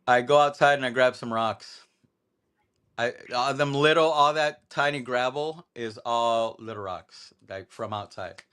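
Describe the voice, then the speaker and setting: A man's voice: mid-range voice, a little slow, fairly bright tone, clear, resonant tone. A man in casual conversation about his toy photos, laid-back, swearing freely and laughing often. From Las Vegas area, USA. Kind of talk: casual chat.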